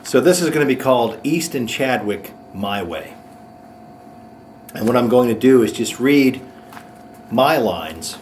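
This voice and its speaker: A man hosting his own comedy show, ranting sarcastically with quick mocking asides. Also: mid-range voice, animated, darkish tone, slight background noise. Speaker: host. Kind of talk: sarcastic comic monologue.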